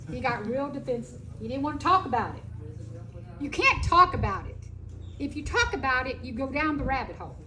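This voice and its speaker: A woman speaking at a festival, telling a personal story in a folksy, emphatic and animated way. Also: high-pitched, fairly quick, noisy background. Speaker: animal sanctuary founder giving a talk. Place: festival stage.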